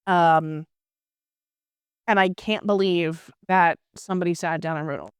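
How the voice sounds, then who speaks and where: A woman in casual chat with her husband, playful and exasperated, recorded close in a quiet room. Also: on the low side, fairly even intonation, a little slow, smooth, no echo. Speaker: co-host, player's wife.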